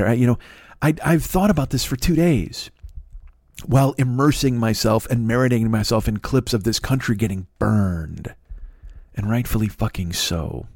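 A man's voice: medium pitch, moderate pace, darkish tone, no room sound, studio quality. A man in his forties hosting a podcast, ranting in a profane, rambling comedic monologue. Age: 40s. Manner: profane, rambling, exasperated rant. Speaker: podcast host.

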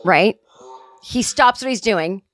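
A woman's voice: mid-range voice, animated, takes it slowly, fairly bright tone. A woman in her forties telling a casual, rambling anecdote. She mocks herself and swears freely. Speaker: comedic storyteller.

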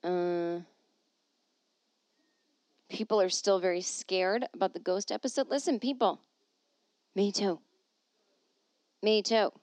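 A woman hosting a comedy podcast from home, reading aloud with animated, sarcastic asides in a casual monologue. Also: mid-range voice, takes it slowly, long pauses, no echo.

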